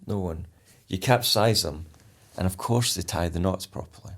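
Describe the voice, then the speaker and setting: A man, a polar explorer, talking in an interview and telling a story vividly, calmly and deliberately stressing key words. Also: sits low. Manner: vivid storyteller who re-enacts his own instructions. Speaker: polar explorer and charity founder, interview guest.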